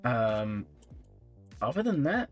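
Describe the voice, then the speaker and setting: Speaking slowly in a mid-range voice with soft music playing behind him, a weary streamer looks over viewers' game accounts. He keeps things relaxed and chatty on his live stream, reading comments from chat and answering questions with little laughs.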